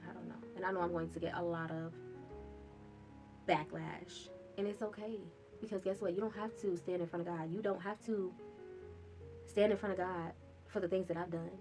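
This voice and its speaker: A woman's voice: fairly low pitch, fairly even intonation, normal speed, over music. A woman in a candid confessional vlog, talking in a raw, rambling and profane way, with sighs. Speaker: vlogger telling her own story.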